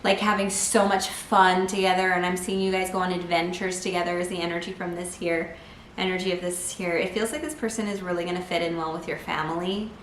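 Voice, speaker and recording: A woman with a fairly low voice talks through a tarot spread in a casual, chatty way. She leans on "like" a lot and lifts into bursts of excitement. The room echoes noticeably, with a faint hum of background noise. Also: brisk. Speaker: tarot reader. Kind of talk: casual tarot reading to camera.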